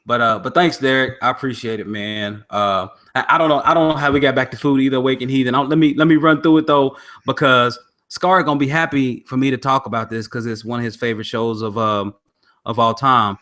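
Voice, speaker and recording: A man's voice: medium pitch, fairly even intonation, a little fast, a bit bright. A young man co-hosting a casual podcast, chatting easily and answering listeners. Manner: laid-back, chatty, reads listener comments. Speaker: podcast co-host.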